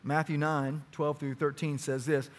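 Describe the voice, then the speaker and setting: High-voiced pastor preaching with urgent emphasis. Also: male voice, flat delivery, unhurried. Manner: earnest, rising to emphatic urgency. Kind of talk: sermon. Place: church.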